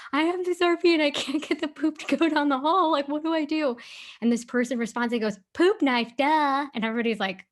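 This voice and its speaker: A young adult woman co-hosting a podcast, telling a story in a chatty, laughing way. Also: medium pitch. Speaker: podcast co-host. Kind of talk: casual chat.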